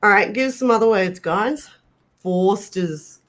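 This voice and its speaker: A woman's voice: mid-range voice, unhurried. An Australian woman co-hosting a livestream, chatting and bantering playfully with viewers. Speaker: co-host of a paranormal livestream. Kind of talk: casual livestream chat.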